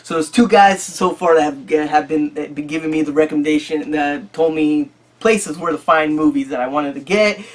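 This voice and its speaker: Rambling, profane man vlogging. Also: a little high. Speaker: YouTube collector channel host. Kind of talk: casual chat.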